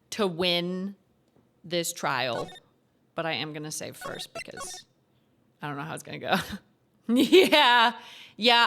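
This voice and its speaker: A woman's voice: mid-range voice, bright, forceful tone. Giggly young woman streamer. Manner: giggly, chatty with chat. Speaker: gaming streamer. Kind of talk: casual game commentary.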